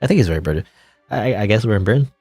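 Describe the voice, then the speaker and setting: A man's voice: on the low side, animated, racing, a little mellow, husky, no room sound, soft background music. A man giving casual, joking commentary while playing a story game. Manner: joking, self-mocking asides. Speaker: game streamer. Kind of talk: casual let's-play commentary.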